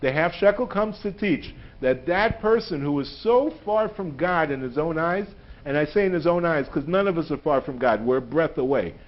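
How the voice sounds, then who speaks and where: Animated man lecturing in a synagogue. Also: a little high, normal speed, few pauses. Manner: animated storyteller, often adds "right?". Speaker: teacher lecturing a synagogue audience. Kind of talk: lecture with humor. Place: synagogue hall. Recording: dull lo-fi livestream sound.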